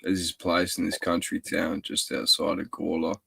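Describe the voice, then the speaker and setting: A man's voice: low voice, completely flat delivery, normal speed, gravelly, bright, forceful tone, husky. A man in casual chat, laid-back and agreeing.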